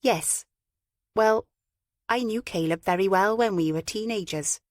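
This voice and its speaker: A woman's voice: mid-range voice, measured pace, no room sound, studio quality, lightly acted. A woman voicing an earnest, slightly anxious young woman witness with a slight Australian twang, hesitating as she talks.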